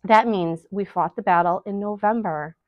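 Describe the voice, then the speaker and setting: A woman's voice: medium pitch, normal speed, dry recording, highs cut off, lightly acted. A woman voicing an anxious young boy hero in a read-aloud storybook, speaking urgently.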